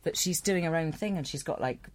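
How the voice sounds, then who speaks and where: A woman's voice: low voice, a little fast, darkish tone. A middle-aged woman, an actress guesting on a podcast, chatting and laughing often. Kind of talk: casual chat.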